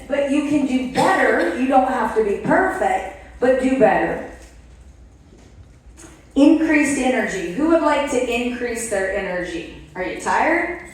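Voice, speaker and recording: A woman speaking to an event audience, telling her own story with animated play-acting of her past reactions. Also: fairly high pitch, measured pace. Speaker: speaker at a wellness product event. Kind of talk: motivational testimonial talk to an audience. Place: event hall. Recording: echoey room, voice from far off the mic.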